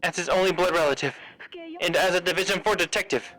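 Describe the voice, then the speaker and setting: Man reading as a sincere young woman detective, soft farewell, bright tone. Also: sits high, quick pace. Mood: tender. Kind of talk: reading game subtitles aloud.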